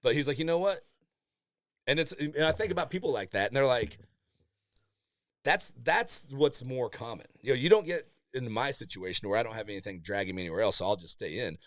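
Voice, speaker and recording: A man's voice: mid-range voice, expressive, fast talker, a bit bright, dry recording, studio quality. A man in his forties, a Navy master chief, telling blunt, profane stories in a casual podcast chat and laughing often. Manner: candid storytelling, swears freely, laughs often.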